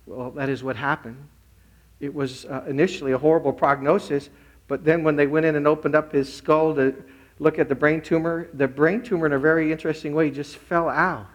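Higher-voiced man preaching a story-filled sermon. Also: brisk. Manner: animated storytelling, acting out quotes. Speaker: pastor.

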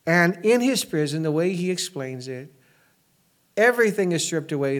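A man's voice: on the high side, animated, normal speed. Man preaching a conversational sermon. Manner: conversational with frequent fillers and restarts. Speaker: pastor.

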